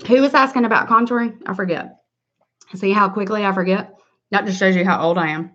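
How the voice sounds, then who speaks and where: A woman's voice: medium pitch, a little fast, fairly bright tone. A middle-aged woman hosting a casual makeup livestream tutorial, chatty and upbeat, greeting viewers by name. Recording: slightly dull lo-fi livestream audio.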